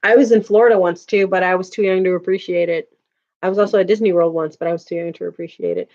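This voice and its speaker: A woman's voice: lowish voice, steady tone, fast talker, a little mellow. A woman in her thirties hosting a casual livestream, chatting with viewers and laughing often. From Chicago area, USA. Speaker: livestream host. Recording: dull lo-fi home stream audio.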